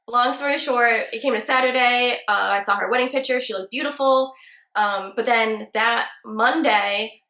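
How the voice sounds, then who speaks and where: A woman's voice: on the high side, bright, forceful tone, echoey room. A young woman, a hairstylist, telling a casual storytime with many filler words. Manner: chatty, lots of "like" fillers. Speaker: hairstylist and channel host.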